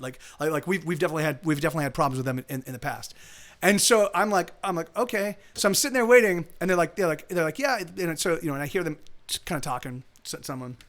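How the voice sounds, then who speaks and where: Fast-talking man telling a rambling story. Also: a little high, lively intonation, a bit bright. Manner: rambling, restarts often, swears. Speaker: streamer. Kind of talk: casual storytelling. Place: home streaming setup.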